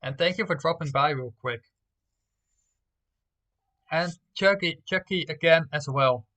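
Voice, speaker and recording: A man's voice: fairly high pitch, unhurried, sharp tone. A young man streaming live, reading out game results and talking playfully to his viewers. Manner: playful, talks straight to viewers.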